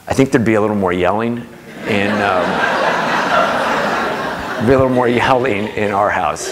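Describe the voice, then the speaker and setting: A man's voice: low-pitched, a little hiss or hum. A middle-aged man giving a talk, telling family stories and acting out the voices in them. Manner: warm anecdotal storytelling, acting out quoted voices. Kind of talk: storytelling talk to an audience. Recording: long hall reverb.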